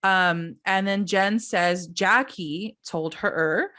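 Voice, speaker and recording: A woman's voice: medium pitch, extremely slow, no room sound, clean studio sound. A young woman co-hosting a podcast, casually recapping a reality show and acting out the cast's lines in little voices. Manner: animated, acts out quotes in voices. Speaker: podcast co-host.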